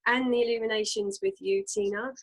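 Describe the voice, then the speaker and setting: A woman co-hosting a casual reflective chat, talking earnestly with many fillers and pauses. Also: fairly high pitch, very animated, vocal fry, poor audio. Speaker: co-host.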